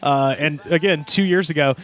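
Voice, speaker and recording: Faint music plays behind a man whose voice sits on the high side, speaking at normal speed. As co-host of a casual comedy podcast, he reads comments aloud, laughs often, and slips into silly put-on voices for them.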